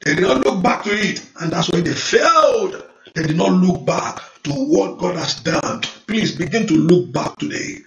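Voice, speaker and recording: A middle-aged male pastor preaching with fervor, slowing into drawn-out prayer and praise calls, sometimes speaking in tongues. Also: sits high, animated, creaky. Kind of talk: sermon with prayer. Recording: echoey room, faint noise.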